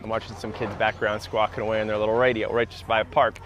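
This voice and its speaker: This running coach has a low, somewhat bright voice and talks fast with a flat delivery, demonstrating push-ups for runners near a park in an upbeat, instructive way. A little hiss or hum sits under the recording.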